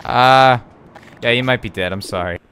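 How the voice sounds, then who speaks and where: A man doing let's play commentary, giggly and excitable, swearing often and cooing at a pet. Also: medium pitch, moderate pace, clean tone. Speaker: gaming YouTuber.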